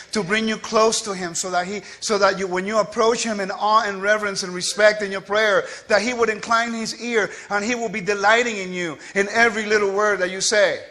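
A man giving a quick, scattered and playful teaching to a congregation, joking with the listeners as he goes. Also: sits high, steady tone, pushed and bright. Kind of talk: lively spoken teaching.

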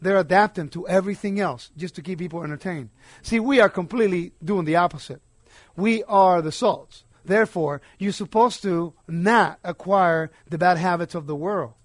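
A man preaching a sermon, emphatic, swinging between quiet asides and loud declarations. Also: sits high, normal speed, no room sound.

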